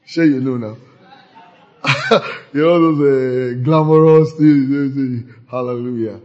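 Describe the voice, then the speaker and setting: A man preaching a sermon, lively and playful, acting out church members in mocking voices. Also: medium pitch, slow, muffled recording. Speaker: pastor.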